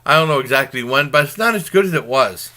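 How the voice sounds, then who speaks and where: A man's voice: mid-range voice, animated, fast, bright, forceful tone. A man casually reviewing a new TV comedy, retelling the plot in a rambling, informal way. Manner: informal and conversational. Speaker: TV show reviewer.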